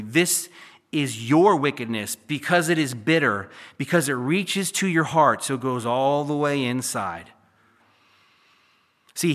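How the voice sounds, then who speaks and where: A male pastor preaching a sermon, building to emphatic peaks and then dropping to quiet, confiding asides. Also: mid-range voice. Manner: preachy, rises to near-shouting then drops to a hush.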